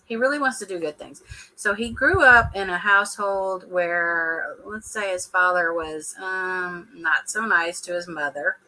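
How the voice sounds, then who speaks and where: A woman's voice: fairly low pitch, unhurried, pushed and bright, poor audio. A woman, chatting casually and laughing often as she reacts to a show for her viewers. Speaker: reality TV reaction vlogger.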